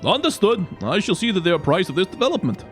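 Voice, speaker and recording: A man reading aloud as a steady male outpost commander, in an earnest tone. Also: sits high, fast, soft background music.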